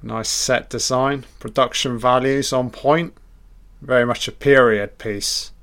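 A man's voice: mid-range voice, steady tone, unhurried, a bit bright. A man giving a casual, profane, enthusiastic audio commentary over a film.

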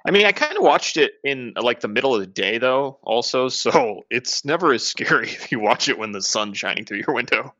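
Lively bright-voiced man on a dull mic. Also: medium pitch, a little fast, few pauses, dry recording. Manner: curious and easily amused. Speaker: podcast co-host. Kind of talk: casual comedic chat. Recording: dull lo-fi sound.

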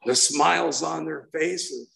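A man's voice: fairly high pitch, slow pace, creaky, sharp tone, low-quality recording. A man in his sixties giving a heartfelt, rambling personal share as main speaker at a recovery meeting, often restarting his sentences.

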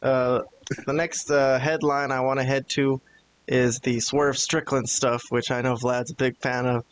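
A man's voice: medium pitch, flat delivery, measured pace. Casual male podcast host, faint hiss. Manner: storytelling, hesitant fillers, steers the talk.

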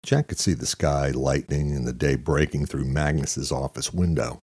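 A man narrating an audiobook thriller chapter in a steady, even storytelling manner. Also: a bass voice, normal speed, slightly rough, no echo. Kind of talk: scripted narration.

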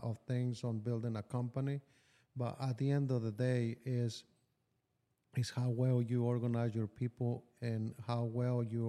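A man's voice: mid-range voice, warm tone. A man talking as a business-owner guest on a podcast, blunt and profane, telling stories with animation. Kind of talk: casual podcast conversation.

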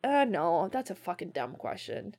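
A young woman in casual, excitable movie-reaction chat, swearing freely and using lots of fillers. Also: lowish voice, normal speed.

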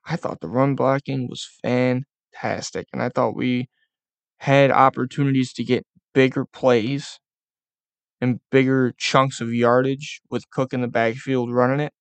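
A man hosting a casual sports podcast, ranting with profanity and frustration, now and then mocking in a high baby-talk voice. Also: steady tone, measured pace, smooth, no echo. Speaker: podcast host.

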